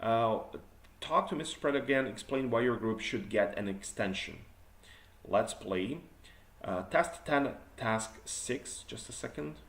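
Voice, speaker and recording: A man's voice: mid-range voice, expressive, unhurried, creaky, fairly bright tone. A male teacher reviews sample exam answers, correcting them and acting out better versions. His voice sits in the middle range. The room gives it a noticeable echo. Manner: corrective, demonstrates better phrasing.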